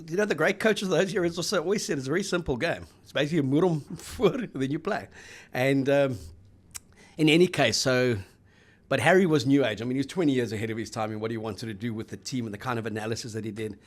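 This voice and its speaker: A South African man co-hosting a casual rugby chat, telling rambling stories with fillers. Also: mid-range voice. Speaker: co-host.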